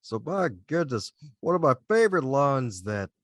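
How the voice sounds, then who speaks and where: A man hosting a podcast interview, chatty and quick to laugh. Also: medium pitch, big pitch swings, no echo. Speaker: podcast host. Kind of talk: casual interview chat.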